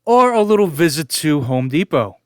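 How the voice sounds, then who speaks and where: Man in his forties, fairly high voice, smooth and clear, casual storytelling, stifling laughs, dry close mic. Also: very animated, moderate pace, dry recording. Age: 40s. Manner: chuckling, keeps fighting back laughter. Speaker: vlogger.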